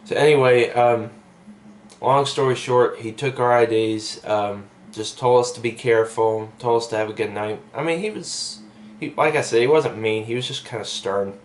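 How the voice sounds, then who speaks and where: A man's voice: mid-range voice, normal speed, a little hiss or hum. A young man telling a story in a casual vlog, rambling with lots of fillers and asides, recorded on a camera mic. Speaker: vlogger.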